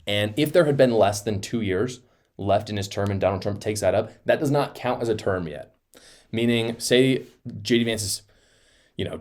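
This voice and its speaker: A man's voice: fairly low pitch, darkish tone. Young male commentator, fired up and emphatic, with sarcastic mimicry. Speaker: political commentary host. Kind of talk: reaction commentary.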